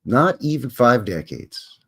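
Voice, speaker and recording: A man hosting a live stream and reading articles aloud. He drifts between wry, skeptical asides and loose, joking rambles, with a voice of ordinary pitch for a man. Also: sing-song, slow, fairly bright tone, breathy edge. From Canada. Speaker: host of a live stream show.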